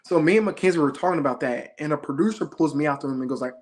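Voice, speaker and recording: A man's voice: fairly high pitch, very fast, few pauses. A young man, a reality show contestant, telling stories in a laid-back, slangy way during a casual interview.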